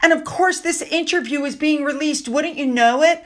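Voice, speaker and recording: A woman with a high voice delivers an opinionated commentary monologue. She sounds sarcastic and indignant as she talks straight to her viewers. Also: moderate pace. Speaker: commentary channel host.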